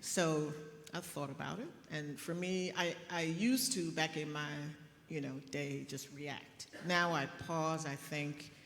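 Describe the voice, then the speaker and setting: A middle-aged woman physician speaking on a conference panel, telling stories in a lively way with laughs. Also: sits low, slow, vocal fry. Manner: animated storytelling with laughs. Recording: echoey hall with faint ambience.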